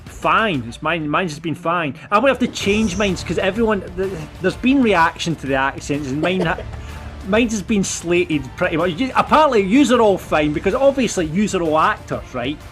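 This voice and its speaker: A man's voice: high-pitched, animated, moderate pace, a bit bright, soft background music. A Scottish man hosting a football podcast, chatting casually and reading out listener messages with a chatty, upbeat manner. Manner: chatty, upbeat, laughs often. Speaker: podcast host.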